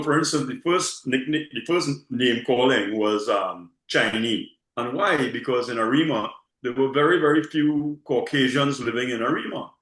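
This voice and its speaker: A man's voice: medium pitch, fairly bright tone, reverberant, rough recording. A man from Trinidad with a Trinidadian accent, chatting casually as a guest, often repeating words and tagging lines with "okay?". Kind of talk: casual conversation.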